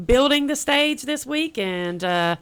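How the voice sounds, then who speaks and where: A young woman, chatting as a guest on a radio show about an event she is organizing, bubbly and quick to repeat herself. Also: high-pitched, lively intonation, fairly bright tone. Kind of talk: casual radio interview.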